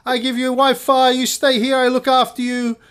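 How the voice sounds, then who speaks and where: Old Czech man, as put on by a male storyteller, Czech accent, high pitched, loud, clipped commands, bossy, hospitable. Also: monotone, moderate pace, smooth. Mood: insistent. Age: 70s. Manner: clipped commanding broken phrases.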